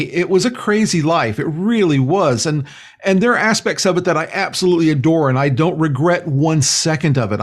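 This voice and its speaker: Earnest, rambling man with a higher voice. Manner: earnest, rambling, many "you know" fillers. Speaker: spiritual healer and guest. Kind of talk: casual conversational interview.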